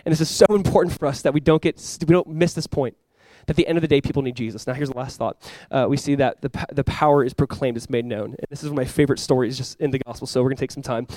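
A young man preaching a sermon to his church in a casual, conversational way, with sudden loud bursts and quiet asides. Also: medium pitch, fairly even intonation, rapid-fire, few pauses, dry recording. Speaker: pastor.

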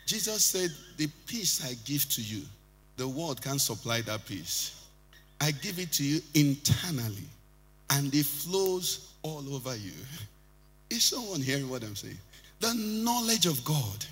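A man preaching a sermon as pastor, swinging from loud shouting to quiet, low passages. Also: very animated, normal speed, husky. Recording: music behind, long hall reverb.

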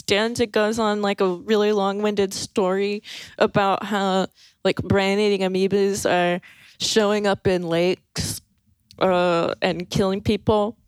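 A woman's voice: medium pitch, smooth, no echo. A young woman telling a story in a casual, amused way, full of fillers and little laughs, on a close mic. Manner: laid-back and amused, with lots of fillers and laughs. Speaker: podcast guest telling a story.

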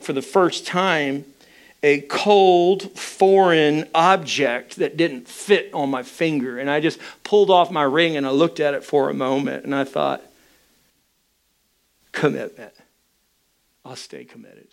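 A man's voice: a little high, unhurried, clean tone. A man preaching a sermon, telling a personal story with candid, self-mocking humor. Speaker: pastor.

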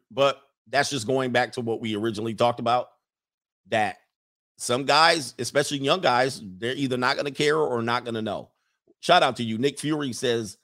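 A man's voice: medium pitch, fairly bright tone. A man hosting a casual livestream, reading viewer comments and rambling through blunt opinions with frequent laughs.

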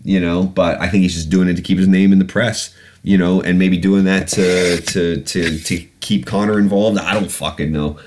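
A deep-voiced podcast host rants on his own in a casual solo episode, blunt, animated and swearing a lot. He speaks at a normal speed with plenty of ums and restarts, over slight background noise.

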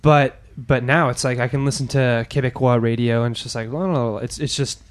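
A man's voice: medium pitch, level tone, fairly quick. A man in casual chat, talking in rambling bursts and swearing freely. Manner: chatty, swears, rambling restarts.

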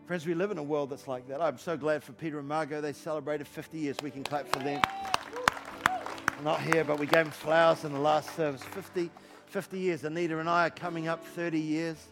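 A man in his fifties preaching a sermon in a church, energetic and joking, driving points home with repeated rhetorical questions. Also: fairly high pitch, fairly quick, faint music behind, some chatter behind. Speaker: pastor. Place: church hall.

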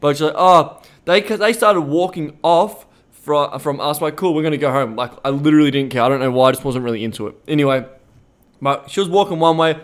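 A man's voice: fairly high pitch, brisk, smooth. Rambling, profane Australian man. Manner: rambling, profane, many "like" fillers. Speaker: podcast host. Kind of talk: casual storytelling chat.

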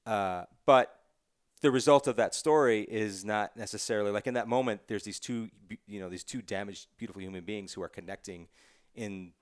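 A man's voice: fairly low pitch, brisk, dry recording, studio quality. A man, a TV writer, talking casually in an interview, rambling and interrupting himself, laughing easily. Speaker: TV writer, podcast guest.

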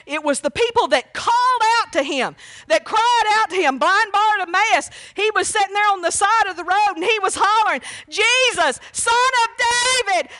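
A woman preaching a sermon, folksy and fervent, breaking into loud cries when she quotes a plea for mercy. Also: very high-pitched, dry recording. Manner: fervent, folksy, exclaims praise often; rises to shouting when quoting cries for mercy.

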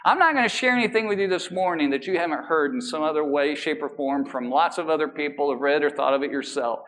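A man preaching a sermon as a pastor, emphatic and animated. He drags out key words for emphasis and slips in casual, joking asides. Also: fairly high pitch, quick pace. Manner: casual asides and self-deprecating humor.

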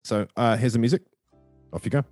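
Fast-talking joking host. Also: male voice, medium pitch, steady tone, darkish tone, no echo, faint music behind. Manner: joking, self-deprecating, rambling. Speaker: podcast host. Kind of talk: casual football chat. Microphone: video call.

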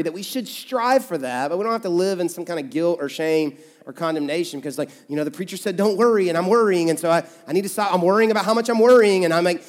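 A man preaching a conversational, humorous sermon as pastor, acting out quoted voices in a casual way. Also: on the high side. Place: large church hall. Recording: reverberant sanctuary sound.

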